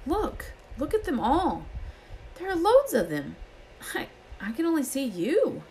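Woman reading as a hushed urgent kid wizard, intense and longing, storybook voice, kinda high. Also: huge pitch swings, measured pace, slight background noise, heavily acted. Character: intense, longing eleven-year-old wizard boy.

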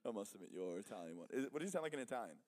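A man's voice: lowish voice, sing-song, very fast, darkish tone. Guy cohosting a podcast, rambly jokey banter, voice bouncing all over. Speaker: podcast co-host. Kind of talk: casual chat.

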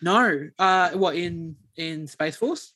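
A man's voice: a little high, slow pace, pushed and bright. A man with a slightly raised voice chats casually as a podcast co-host. He rambles loosely, swears freely and laughs often. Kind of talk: casual chat.

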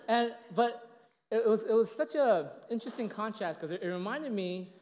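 This pastor, a man in his late thirties, preaches in a casual, chatty way at normal speed, his darkish voice animated and backed by slight background noise. His stories lean heavily on fillers like "you know" and "right?", and he performs quoted voices with big pitch leaps. A large hall gives the recording a long reverb.

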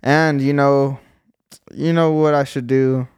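A man's voice: mid-range voice, little pitch movement, takes it slowly, darkish tone, clear, resonant tone, no echo, studio quality. A man hosting a podcast in casual chat, brash and joking, swearing freely. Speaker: podcast host.

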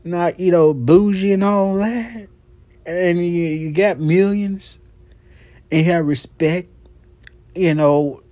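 A man's voice: high-pitched, slow, long pauses, dark tone, no room sound. A man hosting his own podcast in a brash, profane, gossipy monologue, laughing often. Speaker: podcast host. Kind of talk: casual monologue.

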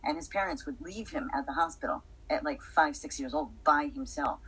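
Low raspy-voiced woman, earnest, talking about life. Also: normal speed, a bit bright, rough recording. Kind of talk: casual conversation.

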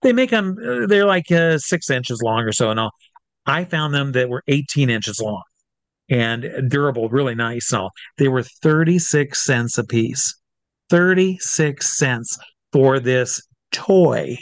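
A man working as a stage hypnotist, telling anecdotes in an interview in an animated way and acting out what others said. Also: medium pitch, unhurried, dry recording. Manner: animated, acts out quotes of others. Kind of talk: storytelling in a conversational interview.

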